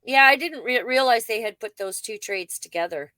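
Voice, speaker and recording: Lively woman host telling a story. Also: a little high, normal speed. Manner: animated storyteller, laughs often. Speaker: podcast co-host, veteran. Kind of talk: casual conversation, storytelling.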